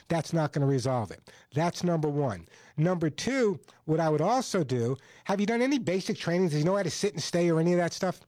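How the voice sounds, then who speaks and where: A man's voice: on the high side, darkish tone, no room sound. A male radio host giving firm, repetitive advice to a caller on a call-in pet show. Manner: assertive, repeats points for emphasis.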